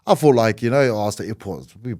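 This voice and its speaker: A man in his thirties with a New Zealand accent and a very deep voice. He tells a story in an easy, casual way as a podcast guest and acts out both sides of each exchange, calling people bro. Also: lively intonation, rapid-fire, a little mellow. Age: 30s. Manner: acts out dialogue, says bro a lot.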